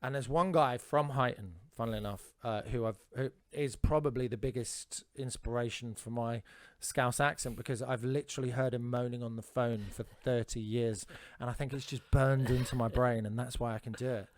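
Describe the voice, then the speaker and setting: A man's voice: mid-range voice, steady tone, moderate pace, hardly any pauses. A man, a comedian telling rambling anecdotes on a podcast with frequent restarts and swearing. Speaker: comedian guest.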